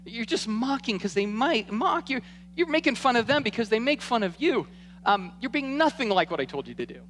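A man voicing a gently disappointed divine male teacher who quietly rebukes in a soft, sorrowful way. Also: extremely high pitch, very animated, brisk, a little hiss or hum, voice pushed up, heavily acted.

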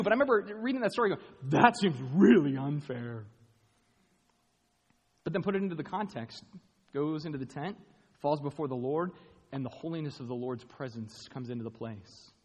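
A man preaching a sermon, animated and rising to loud, emphatic bursts. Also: on the high side, slightly rough. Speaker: pastor. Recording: long hall reverb.

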